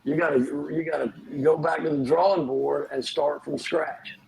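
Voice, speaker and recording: A man, a pastor and podcast guest, telling earnest, animated stories about forgiveness in casual conversation. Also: on the high side, normal speed, gravelly, a little hiss or hum, low-quality recording.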